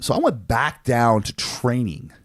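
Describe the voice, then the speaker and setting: A man in his forties, co-hosting a podcast, telling a story in a casual, animated way with lots of swearing and fillers. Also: medium pitch, unhurried, dry recording, clean studio sound. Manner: animated, profane, frequent fillers. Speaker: podcast co-host.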